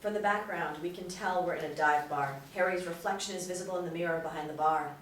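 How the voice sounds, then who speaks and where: A woman with a fairly low voice reads stage directions crisply. The mic is distant and the room is roomy, with faint noise. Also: fast talker, fairly bright tone. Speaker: narrator.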